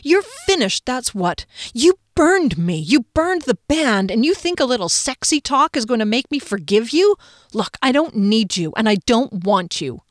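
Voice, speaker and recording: A woman narrator voicing her story's heroine, a blunt, fed-up young woman yelling at her ex. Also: fairly high pitch, sing-song, normal speed, dry recording, voice pushed up. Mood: furious. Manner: yelling, sharp.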